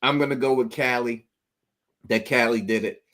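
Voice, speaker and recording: A man hosting a loose call-in stream, talking in an animated, excitable way. He laughs often and stumbles through restarts as he makes his point. His voice sits in an ordinary middle pitch. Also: normal speed. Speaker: livestream host. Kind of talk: casual call-in chat.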